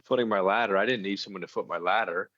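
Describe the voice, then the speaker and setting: Blunt, low-voiced man in casual chat. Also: fast, a bit bright, dry recording, muffled recording. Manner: blunt, storytelling, swears casually. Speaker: podcast co-host, electrician.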